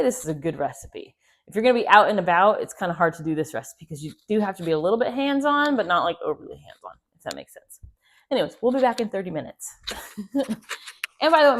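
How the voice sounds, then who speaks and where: A woman's voice: medium pitch, fairly bright tone. A chatty woman gives a casual cooking demonstration in her home kitchen, joking and laughing at herself as she works. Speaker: homestead host. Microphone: clip-on mic.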